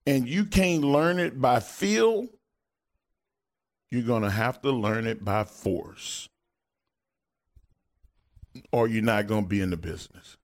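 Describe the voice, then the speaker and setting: A man's voice: mid-range voice, darkish tone. A man, co-host and former wrestler, talking in casual podcast chat, fired up, blunt and swearing often.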